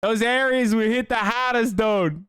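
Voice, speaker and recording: A man's voice: very high-pitched, measured pace, fairly bright tone, a little hiss or hum, voice pushed up. A man doing a jeering thick-accent politician. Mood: mocking. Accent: Massachusetts, exaggerated. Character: mocking impression of an adult male politician with a thick regional accent.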